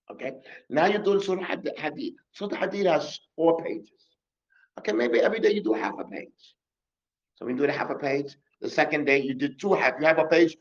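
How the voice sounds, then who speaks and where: A man's voice: sits high, fairly bright tone. Man teaching in a muffled mosque recording. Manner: repetitive, coaching, drops in Arabic words and recitation. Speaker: Quran teacher. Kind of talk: mosque lesson on memorization.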